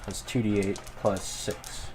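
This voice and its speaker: A man playing a tabletop game, calmly working out his moves aloud with fillers and pauses. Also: lowish voice, background noise. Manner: measured, thinking aloud with fillers. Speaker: player. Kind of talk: casual tabletop play.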